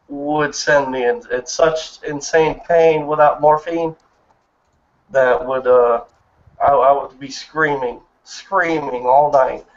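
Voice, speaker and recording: A man in his thirties telling a personal story in an earnest, emotional way during a casual chat. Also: mid-range voice. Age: 30s. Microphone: online voice chat. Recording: muffled lo-fi voice chat audio.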